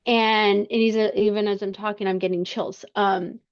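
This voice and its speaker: A woman as a podcast guest, telling a personal story in conversation, earnest and halting with frequent restarts. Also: mid-range voice, little pitch movement, clear, resonant tone. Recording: slightly muffled lo-fi sound.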